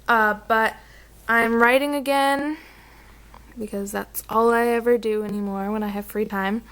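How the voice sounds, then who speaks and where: A woman's voice: fairly high pitch, fairly even intonation, slow pace, pauses often, fairly bright tone, low-quality recording. A young woman chatting casually in a vacation vlog, rambling along with lots of "um" and "like". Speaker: vlogger.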